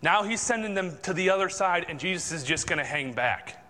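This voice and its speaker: A man delivers a sermon in a relaxed, conversational tone, his voice a bit higher than most and bright and forceful. It reaches the listener through a long hall reverb. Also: brisk. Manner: conversational, informal preaching. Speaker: preacher. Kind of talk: sermon with Bible reading.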